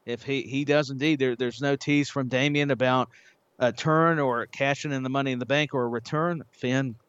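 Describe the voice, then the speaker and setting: A man's voice: mid-range voice, steady tone, moderate pace, a bit bright, clear, resonant tone, dry recording. A man co-hosting a wrestling podcast in casual chat, often restarting and repeating his words. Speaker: podcast co-host. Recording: dull lo-fi audio.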